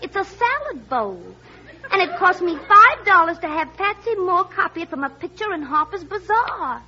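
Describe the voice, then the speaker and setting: An actress playing Ethel, a touchy, melodramatic Brooklyn wife in a 1930s radio comedy. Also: female voice, extremely high pitch, very animated, normal speed, bright, forceful tone, some chatter behind, slight background noise, heavily acted. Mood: huffy. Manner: huffy, melodramatic, prim. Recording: dull lo-fi old radio recording.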